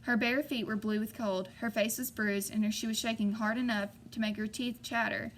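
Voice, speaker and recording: A woman's voice: fairly high pitch, steady tone, normal speed, a little hiss or hum. A woman narrating a novel in the first person, voicing the characters lightly. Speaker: audiobook reader.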